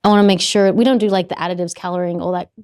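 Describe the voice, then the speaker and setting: A woman in her thirties with a faint Australian accent talks as a podcast guest. She is chatty and quick to laugh. Her voice is recorded dry and close, with no room sound. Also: on the low side, fairly even intonation, darkish tone, smooth, no room sound. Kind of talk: casual chat.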